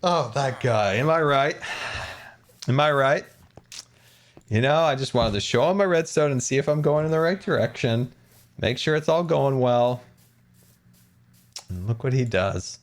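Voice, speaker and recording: A man's voice: mid-range voice, expressive, unhurried, long pauses. Playful, chatty male streamer. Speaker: Minecraft streamer. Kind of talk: casual gaming stream chat.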